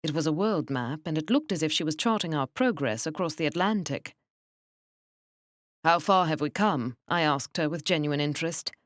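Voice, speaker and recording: A woman narrating an audiobook in a measured, wry first-person manner. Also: low voice, no echo, studio quality.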